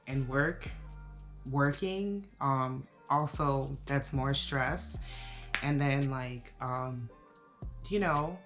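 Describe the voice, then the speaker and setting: A woman in her thirties giving a casual, reflective life update to camera, talking slowly with many fillers. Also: deep voice. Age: 30s. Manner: relaxed, reflective, with frequent fillers. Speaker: vlogger.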